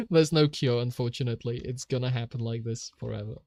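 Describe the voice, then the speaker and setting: On his drawing stream, a young man from Poland speaks casually with a Polish accent, giggling, laughing frequently, and reading chat messages aloud. He talks a little fast in a mid-range, slightly mellow voice.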